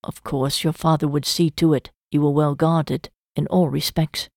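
A woman reading the lines of a gentle, protective young gentleman in a quiet voice. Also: low-pitched, level tone, normal speed, dry recording, clean studio sound.

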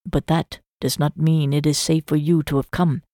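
A woman reading the lines of a gentle, protective young gentleman in a quiet voice. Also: low-pitched, little pitch movement, normal speed, dry recording, clean studio sound, lightly acted.

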